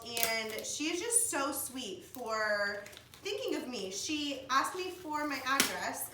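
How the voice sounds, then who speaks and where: A woman in her twenties chatting to camera about her work as a speech-language pathology assistant, gushing and excited, with lots of "like" and "oh my gosh". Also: fairly high pitch. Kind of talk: casual chat to camera. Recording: echoey room, mic at a distance, faint noise.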